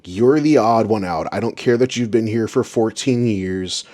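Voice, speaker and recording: A man's voice: on the low side, normal speed, darkish tone. Sarcastic, exasperated male commentator. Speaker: host reviewing radio recordings.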